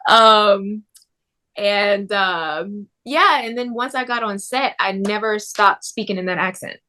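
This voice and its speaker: A woman actress talking about her film role in a casual interview, telling stories in an expressive, animated way. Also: medium pitch, slow pace.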